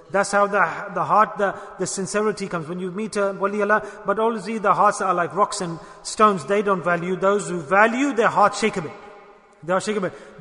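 High-voiced, bright preacher in a hall. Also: male voice. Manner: emphatic, repeats lines and asks the audience questions. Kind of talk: sermon. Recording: long hall reverb.

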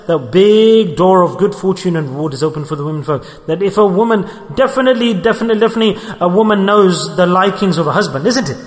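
A man preaching a sermon, animated and lively, acting out the people he quotes and mixing religious terms into his talk. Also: sits high, fast, hardly any pauses, big-room sound. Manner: animated, acts out quoted people, mixes Arabic and Urdu terms.

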